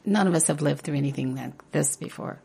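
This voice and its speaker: An older woman with a low, gravelly voice and a husky edge. She co-hosts a faith podcast. She talks earnestly and often breaks into laughter. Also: fast, warm tone. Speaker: podcast co-host. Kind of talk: casual faith discussion.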